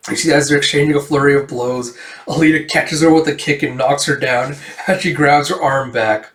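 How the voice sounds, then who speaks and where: A man's voice: a little high, fairly even intonation, moderate pace, fairly bright tone. A man in a casual, rambling read-through of a comic, retelling the panels with many fillers. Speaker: comic reviewer. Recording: roomy echo, distant mic.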